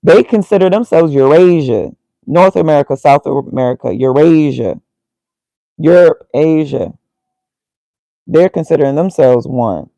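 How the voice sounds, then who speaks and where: A man's voice: fairly high pitch, expressive, measured pace, vocal fry, warm tone, dry recording, poor audio. A man casually thinking aloud as he reads, muttering and reacting to himself. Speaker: vlogger.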